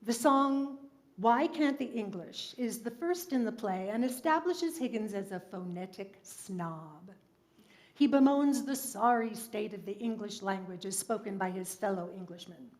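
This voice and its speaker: A woman from New York City, a singer and cabaret performer, telling a story between show tunes in a measured, articulate way. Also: medium pitch, animated. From New York City, USA.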